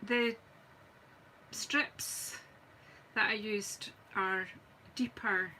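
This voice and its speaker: A woman's voice: mid-range voice, steady tone, very slow, pushed and bright, a little hiss or hum, rough recording. A Scottish woman chatting casually and thinking aloud as she demonstrates card making on a live stream. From Scotland. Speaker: craft demonstrator. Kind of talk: live craft stream chat.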